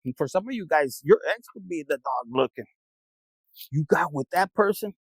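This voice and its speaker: A man's voice: a little high, lively intonation, moderate pace, slightly rough, dry recording, rough recording. A man giving a casual tarot reading, rambling and streetwise, swearing freely as he talks to viewers. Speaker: tarot reader.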